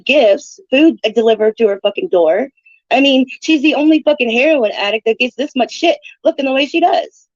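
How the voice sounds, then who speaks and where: A woman's voice: high-pitched, moderate pace, a little mellow, no echo. Brash, profane woman streamer. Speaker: livestreamer. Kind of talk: casual livestream rant. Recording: dull lo-fi stream audio.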